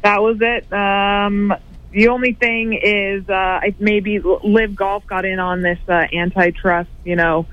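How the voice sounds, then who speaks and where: High-voiced man on a dull remote line. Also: flat delivery, measured pace, no echo. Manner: chatty, many fillers. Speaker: remote sports correspondent. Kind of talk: casual sports recap.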